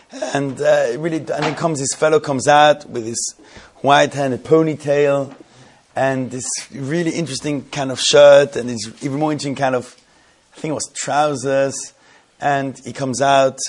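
Rambling, amused man telling a story. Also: mid-range voice. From London area. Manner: rambling, amused, often breaking into laughter. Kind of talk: casual anecdote told to friends.

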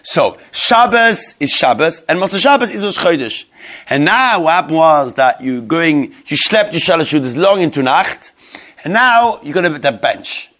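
A man's voice: fairly high pitch, very animated, normal speed, pushed and bright. A man teaching a religious law class to a live group, repeating key points and putting questions to his listeners.

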